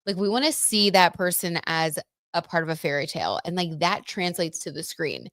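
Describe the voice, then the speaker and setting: Chatty young woman, low voice. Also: animated, normal speed, fairly bright tone, no room sound, clean studio sound. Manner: chatty, gossipy, lots of "like" and "you know". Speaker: livestream host reading tarot and celebrity gossip. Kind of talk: casual livestream chat.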